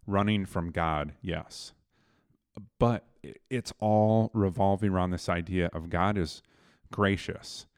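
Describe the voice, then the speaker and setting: A man's voice: low voice, no room sound, studio quality. A man casually retelling a Bible story to a co-host, loose and conversational, with fillers and restarts.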